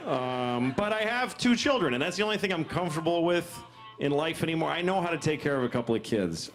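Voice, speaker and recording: A man's voice: fairly high pitch, lively intonation, brisk, faint music behind. A man in his forties doing a crude, self-deprecating stand-up set in a comedy club. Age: 40s. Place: comedy club with a laughing crowd.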